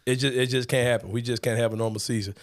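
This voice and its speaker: A young man hosting a sports podcast, talking in a loose, joking, slang-heavy way with loud bursts of laughter. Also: medium pitch, steady tone, very fast. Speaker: podcast host. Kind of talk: casual sports talk.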